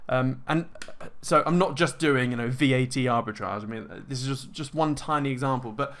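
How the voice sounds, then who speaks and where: A man talking casually and at length in an energetic, self-assured way, full of fillers and restarts. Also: medium pitch, brisk. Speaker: host answering viewer questions. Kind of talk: casual monologue.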